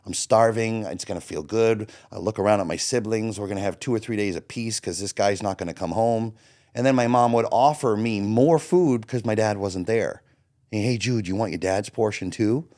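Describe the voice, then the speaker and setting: A man in his forties tells his own story bluntly, with a fairly low voice. He swears without a second thought and slips into livelier quoted asides. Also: moderate pace. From Florida. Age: 40s. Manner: blunt, swears freely, animated when quoting himself. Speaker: interview guest. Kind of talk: candid personal storytelling.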